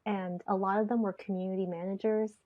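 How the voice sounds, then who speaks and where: A woman hosts a podcast in casual chat, rambling along with lots of fillers. Her mid-range voice is flat in delivery and quick in pace, and the lo-fi sound is slightly dull.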